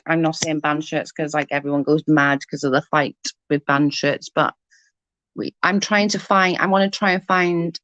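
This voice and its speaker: Chatty British woman, lowish voice. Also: a bit bright, no echo, rough recording. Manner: chatty, rambling, answers comments. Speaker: livestreamer. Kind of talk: casual chat with viewers.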